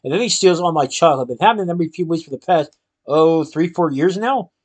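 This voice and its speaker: A man's voice: on the high side, animated, fast talker. A man reading as a whimsical young chocolatier. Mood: earnest.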